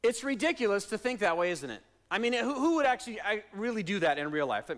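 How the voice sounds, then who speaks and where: A male pastor preaching a sermon in a church, using repeated questions and refrains and swinging between soft and loud delivery. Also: high voice, sing-song, fast talker. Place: church sanctuary.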